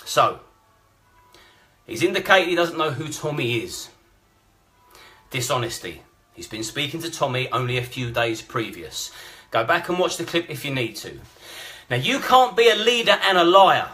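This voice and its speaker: A man's voice: a little high, sing-song, normal speed, pauses often, sharp tone, faint music behind. A blunt, combative man, ranting and swearing through live-stream commentary. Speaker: vlogger.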